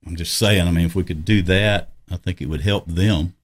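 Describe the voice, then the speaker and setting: A man's voice: low voice, fairly even intonation, moderate pace. A man hosting a podcast in casual chat, rambling in a homespun way and chuckling often. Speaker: podcast host.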